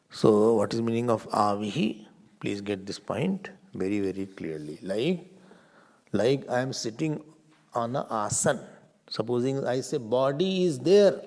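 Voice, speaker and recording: Man, swami teaching a class; lively, swooping pitch; quizzes the room and answers himself. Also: vocal fry. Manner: questions the class and answers himself, sudden loud stresses. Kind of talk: scripture class.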